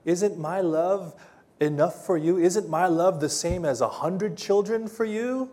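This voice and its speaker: A pastor puts on a baffled husband, voice lifted high and slow, pleading with his sad wife. He asks his questions as if he can't understand why his love isn't enough. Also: warm tone.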